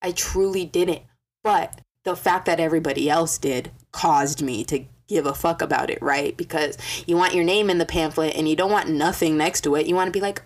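A young woman telling a story in a casual vlog, swearing a lot and acting out quotes with animated energy. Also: low-pitched, normal speed. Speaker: vlogger.

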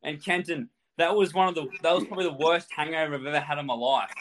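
Casting: male guest storyteller, slightly high voice, animated, swears freely, laughs mid-story. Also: fast talker, a crowd in the background. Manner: animated, swears a lot, laughs while telling. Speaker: guest telling a travel story. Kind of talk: casual storytelling.

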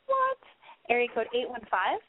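A woman's voice: mid-range voice, a little fast, no room sound. Young woman radio host giving blunt sweary advice, rambly, tinny phone sound, dry. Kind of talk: casual call-in advice show. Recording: phone-line quality, dry.

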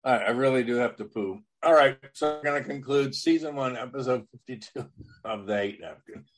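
A man's voice: mid-range voice, fairly quick. A man hosting a comedy podcast, joking crudely and bantering loosely. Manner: animated and joking, with a lively, swinging delivery. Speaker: podcast host.

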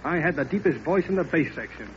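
A man's voice: on the high side, animated, fast. A man trading wisecracks as a guest star in scripted 1930s radio comedy banter. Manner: wisecracking, playful. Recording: muffled old radio broadcast with hiss.

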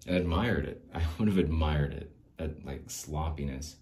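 A man with a very low voice talks alone on his podcast in a loose, rambling monologue. He restarts sentences, leans on filler words and swears casually. He laughs between thoughts as he drifts from one point to the next. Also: normal speed, a little mellow, a little hiss or hum. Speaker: podcast host.

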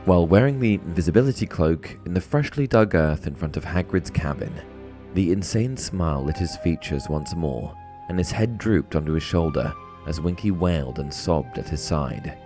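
Male explainer host, scripted and dramatic, very deep voice with lively swings, faint music behind. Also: moderate pace. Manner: expressive storytelling with dramatic emphasis. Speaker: host of a fan explainer channel. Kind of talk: scripted narration.

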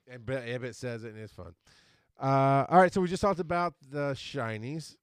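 A man's voice: mid-range voice, normal speed, smooth, no room sound, clean studio sound. A middle-aged man co-hosting a casual podcast chat, rambling and stumbling over words. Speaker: podcast co-host.

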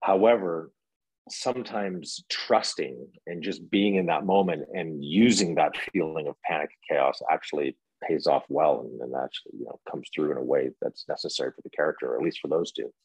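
A man's voice: very deep voice, normal speed, a little mellow, husky, no room sound, poor audio. A man in his thirties, an actor, telling stories in a casual interview, rambling with many fillers and restarts.

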